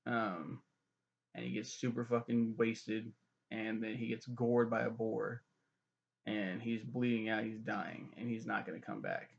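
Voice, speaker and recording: Gravelly young man swearing through a recap. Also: lowish voice, fairly even intonation, unhurried. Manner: profane, rambling with fillers and self-corrections. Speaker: TV reviewer. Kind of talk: casual rambling show recap. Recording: dull lo-fi recording.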